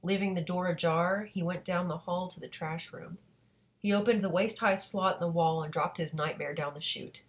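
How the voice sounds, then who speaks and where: A woman reads a novel aloud in a fairly low voice, keeping an even, steady pace. Now and then she catches a slip and corrects herself before moving on. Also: normal speed. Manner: steady reading with occasional self-corrections. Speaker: audiobook reader.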